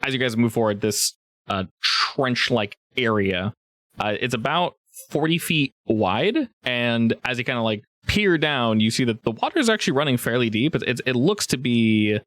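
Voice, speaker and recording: A man narrating a tabletop game as game master, relaxed and rambling with many fillers. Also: medium pitch, moderate pace, dry recording, clean studio sound.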